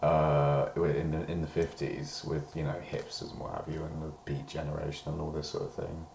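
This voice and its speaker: A man's voice: very deep voice, level tone, normal speed, vocal fry, a little mellow, echoey room, slight background noise. A British man in a rambling personal diary monologue, meandering and hedging, swearing when he gets worked up. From Britain. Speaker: diary vlogger.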